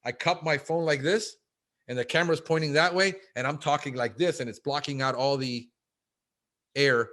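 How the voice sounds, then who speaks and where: Animated man talking shop, says bro. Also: fairly high pitch. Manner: fast, animated, says "bro", acts out quotes. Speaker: guest, pest control business owner. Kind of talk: casual interview chat.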